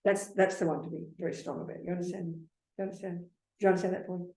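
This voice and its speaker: A woman's voice: on the low side, little pitch movement, rapid-fire, darkish tone. Blunt woman teacher, echoey hall. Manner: blunt, repetitive, calls listeners darling and sweetheart. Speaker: Buddhist nun teacher. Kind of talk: dharma teaching with Q&A. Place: meditation center hall.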